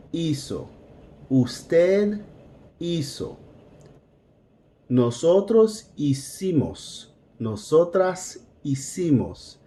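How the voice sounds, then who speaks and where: A man's voice: medium pitch, warm tone. A man teaching a beginner Spanish lesson, patiently drilling verb forms one by one. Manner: patient, drills words slowly. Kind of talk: classroom-style language lesson.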